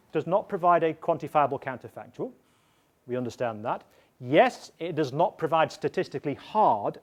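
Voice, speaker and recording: A man teaching in a lecture style, going slowly, restating points and checking understanding with a questioning "yeah?". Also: a little high. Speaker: evaluation trainer.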